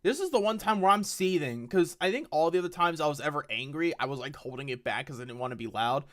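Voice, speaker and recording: A woman's voice: sits low, quick pace. A woman streaming a game live, talking bluntly to her chat and swearing heavily in frustration.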